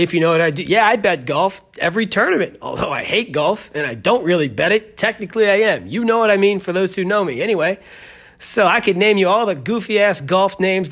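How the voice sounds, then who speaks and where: A man's voice: sits high, a bit bright. A man hosting a podcast, telling a story in a rambling, joking way full of tangents. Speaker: podcast host. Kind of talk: casual storytelling.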